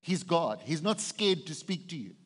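A man's voice: a little high, big pitch swings, moderate pace, breathy edge, in a large hall. A man preaching a conversational sermon as pastor, often putting questions to the congregation. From South Africa.

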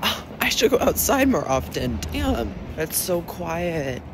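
A man's voice: fairly high pitch, very animated, a little slow, echoey room, noisy background. A young man vlogging casually, dramatic and self-deprecating, gushing about things. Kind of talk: casual vlog chatter.

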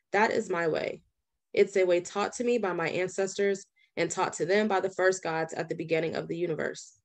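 A woman reading a nonfiction book aloud in a steady, deliberate way. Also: fairly low pitch. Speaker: audiobook reader.

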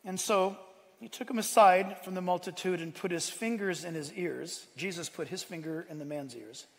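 A man preaching a sermon, lively, acting out quotes and asking his listeners questions. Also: high voice, moderate pace, long reverb tail. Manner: animated preaching, acts out quotes, asks the room. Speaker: pastor.

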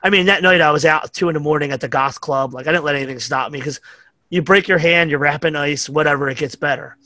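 A middle-aged man with a New York accent talks fast in a slightly high, sharp voice, guesting on a podcast. He rambles through profane anecdotes, acting out quotes in a casual storytelling chat, with no room sound.

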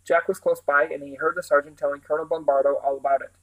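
A man reading a storybook aloud with steady, animated delivery and a few small restarts. His voice sits fairly high for a man. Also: fast talker, poor audio. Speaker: reader.

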